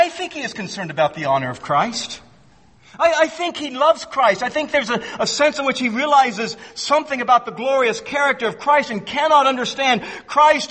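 High bright-voiced pastor guy preaching, kinda husky, big echoey church hall. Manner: emphatic, repeats phrases, acts out quoted voices. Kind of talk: sermon.

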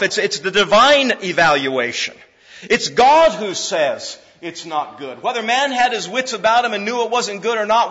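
High-voiced preacher in a reverberant hall. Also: male voice, pushed and bright, husky, muffled recording. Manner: earnest expository preaching with repetitions and restarts. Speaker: pastor. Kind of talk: sermon.

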